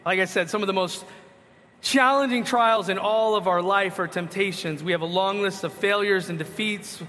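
A man with a high, bright voice preaches a sermon, reading passages of scripture aloud. He asks his listeners questions and answers them himself. His voice rings with the long reverb of a hall. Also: normal speed, slight background noise. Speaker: pastor.

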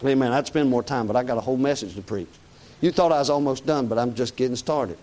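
A man's voice: medium pitch, fast talker, a little mellow, poor audio. A man preaching a sermon to a congregation in a church, emphatic and folksy, firing off rhetorical questions and calling for amen.

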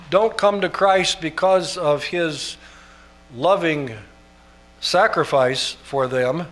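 A pastor preaching a sermon in an earnest way, building up to emphatic, almost shouted passages. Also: male voice, on the high side, slow.

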